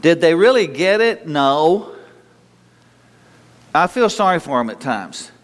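Folksy preacher in a reverberant hall. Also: male voice, on the high side, sing-song, slow. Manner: folksy, conversational preaching with rising bursts of exhortation. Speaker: pastor. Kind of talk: sermon. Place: church sanctuary. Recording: long reverb of a church hall.

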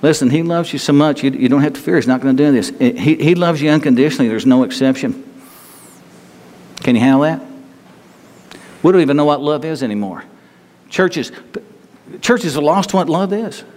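A man preaching a sermon in a conversational, halting way, often restarting his sentences. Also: a little high, darkish tone, long reverb tail.

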